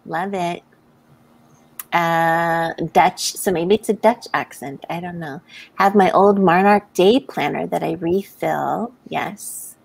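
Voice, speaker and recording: An American livestream host speaks slowly in a gravelly, slightly rough voice on the low side. During her live writing stream she chats casually, laughs frequently, and reads out viewer comments. The recording is rough.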